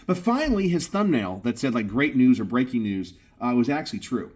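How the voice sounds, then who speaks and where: A middle-aged man talks to camera about gun news in a loose, emphatic way, punching points home with a repeated "okay?". His voice is husky, at an ordinary pitch for a man. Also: sing-song, fairly quick, a little mellow. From Texas. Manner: emphatic, keeps saying "okay?". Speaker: gun channel host. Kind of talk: casual commentary.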